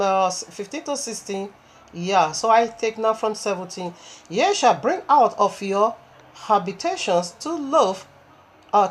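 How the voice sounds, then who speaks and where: Woman preaching with scripture readings. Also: fairly high pitch. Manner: reads scripture aloud, breaks off with asides and laughs.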